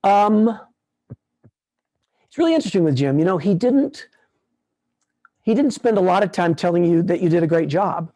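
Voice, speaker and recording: Mellow-voiced older man, rambling talk. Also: high-pitched, normal speed, long pauses. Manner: relaxed, rambling, many restarts. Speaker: puppeteer speaking at a conference. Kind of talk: casual talk and Q&A.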